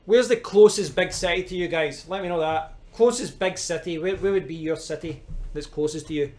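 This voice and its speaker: A man's voice: on the high side, fairly quick, a little mellow. Chatty Scottish man streaming live. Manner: rambling, chatty, talks back to viewers' comments. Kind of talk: casual live-stream chat.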